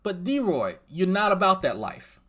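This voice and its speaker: A man's voice: sits high, huge pitch swings, measured pace, fairly bright tone. A man hosting reaction commentary, swearing and mocking as he talks straight at the person in the clip. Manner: profane, mocking, talks straight at the clip's subject. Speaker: commentary channel host.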